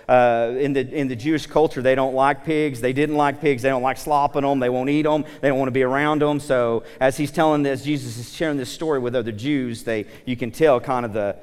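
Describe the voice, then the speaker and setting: A man preaching a casual, animated sermon, retelling the story with asides to the congregation. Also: medium pitch, brisk, hardly any pauses, smooth, big-room sound. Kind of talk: conversational sermon.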